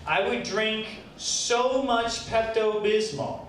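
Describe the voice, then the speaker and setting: A young man doing a stand-up set with a deadpan, self-deprecating, halting delivery, recorded at a small open mic. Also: high voice. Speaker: stand-up comedian. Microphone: handheld stage mic, recorded by a far camera. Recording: echoey room, distant camera, light background noise. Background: faint room ambience.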